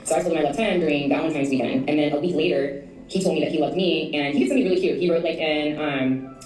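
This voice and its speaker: A woman's voice: low-pitched, very fast, darkish tone, distant mic. A woman telling her own story in a casual vlog, rambling and hesitant with many ums. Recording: echoey room, away from the mic.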